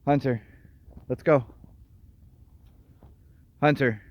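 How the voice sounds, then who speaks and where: Dog trainer, male, lowish voice, outdoors, dull lo-fi recording with faint noise. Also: normal speed, pauses often, no echo. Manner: calls out to dogs, explains their behavior. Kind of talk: narrating a dog walk. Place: outdoors on a trail.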